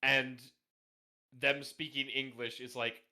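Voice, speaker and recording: A man's voice: mid-range voice, normal speed, pushed and bright. A man from Canada chatting casually on a podcast in a rambling, jokey way. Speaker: podcast guest.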